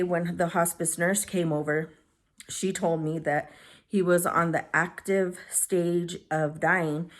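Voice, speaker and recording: A woman vlogger telling a personal story to camera, soft-spoken and halting as she searches for words, grieving and holding back tears. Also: sits low. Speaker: beauty vlogger.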